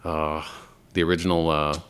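A man's voice: rumbling low, flat delivery, moderate pace, a bit bright, clear, resonant tone. A man co-hosting a podcast in casual, enthusiastic chat, laughing often. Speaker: podcast co-host.

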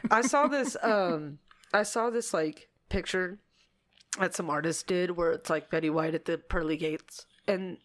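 A woman co-hosting a relaxed podcast, laughing through tears while she tells a story. She talks in an animated, emotional way and breaks into laughter often. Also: lowish voice, measured pace. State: teary, laugh-crying. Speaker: podcast co-host. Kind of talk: casual chat.

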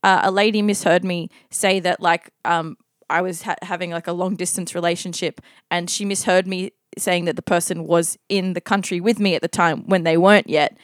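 A woman's voice: on the low side, normal speed, no room sound, clean studio sound. A woman telling an awkward personal story with laughter, acting out the dialogue. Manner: animated, laughing, acts out dialogue. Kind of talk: casual storytelling.

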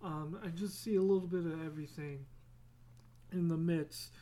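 A man's voice: fairly high pitch, steady tone, moderate pace, warm tone. A man hosting a solo podcast in casual chat, rambling off on tangents, laughing at himself and swearing casually. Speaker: podcast host.

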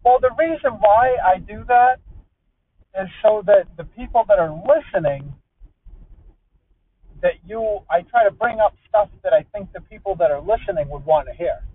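A man hosting a casual podcast chat, talking loudly and playfully for the microphone. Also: sits high, expressive, normal speed, husky, no echo. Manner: playful, talks loud on purpose for the mic. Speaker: podcast host. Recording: tinny phone-like audio.

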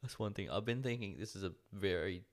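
A young Australian man co-hosts a podcast, chatting casually in a rambling, hesitant manner full of fillers. His voice is on the low side and fairly quick.

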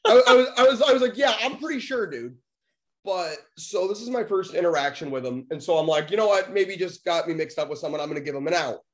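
A young man co-hosting a podcast, telling a story in a casual, animated way, swearing freely and acting out the voices of the people he quotes. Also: a little high, quick pace. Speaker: podcast co-host.

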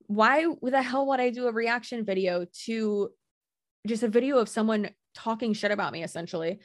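A woman's voice: fairly high pitch, moderate pace, no echo, studio quality. A woman talking casually and bluntly as a podcast guest, assertive, swearing freely and laughing often. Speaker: guest content creator.

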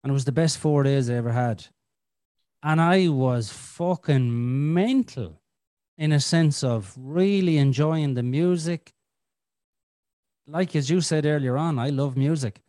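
Expressive Irish man telling a story. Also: a little high, measured pace, no room sound, clean studio sound. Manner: flamboyant, expressive storyteller who swears freely. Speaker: podcast host. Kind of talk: casual storytelling chat.

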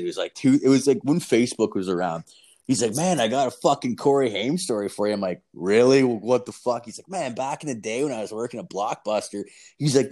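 Rambling, swearing young man, low voice. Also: a little mellow. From Canada. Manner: rambling, heavy swearing, lots of fillers. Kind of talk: casual chat, storytelling.

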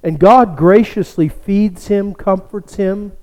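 A male pastor preaching a sermon, telling a story slowly and dropping to a hush for emphasis. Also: sits high, big-room sound. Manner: slow, storytelling delivery that drops to a hush for emphasis.

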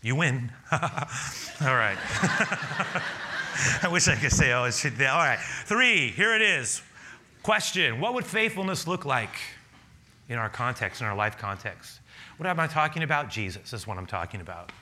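Animated bright-voiced male preacher. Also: medium pitch, unhurried, slight background noise. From a city. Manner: animated storytelling, acts out dialogue with laughter. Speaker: pastor. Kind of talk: sermon with personal story.

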